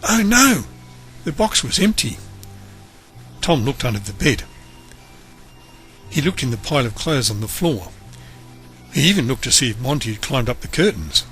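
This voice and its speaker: A man reads a children's story aloud, expressive and animated, his voice rising and falling with every turn. The tone is bright and clear, at an ordinary pitch. Soft music plays faintly behind him. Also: normal speed, long pauses. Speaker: storybook reader.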